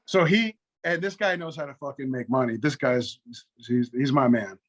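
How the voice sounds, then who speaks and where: A middle-aged man telling a long, profane story in casual conversation, acting out both sides of phone calls. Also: mid-range voice. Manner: profane, rapid anecdotes with quoted back-and-forth. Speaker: guest.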